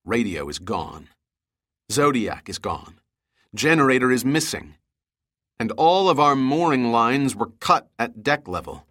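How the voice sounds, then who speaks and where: A man's voice: mid-range voice, sharp tone, full character voice. A man voicing a determined, resourceful young man who speaks in a solemn, clipped way, in an audiobook reading.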